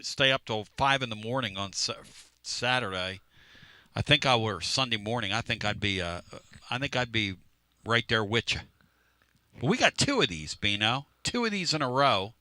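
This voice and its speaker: On a studio mic with no room sound, this sports talk radio host speaks at medium pitch in a pushed, bright way. He's brash and teasing, needling his co-hosts while casually wandering through one story after another.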